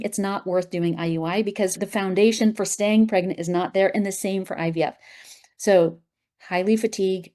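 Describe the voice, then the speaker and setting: A woman guest in a conversational interview, talking emphatically with strong opinions and quick asides. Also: medium pitch, dark tone. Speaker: guest, acupuncturist and app founder.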